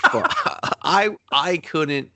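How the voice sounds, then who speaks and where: A man's voice: a little high, wildly swooping pitch, extremely slow, bright, forceful tone, a little hiss or hum. A man co-hosting a casual movie review, sarcastic and swearing often as he acts out the characters. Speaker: podcast co-host.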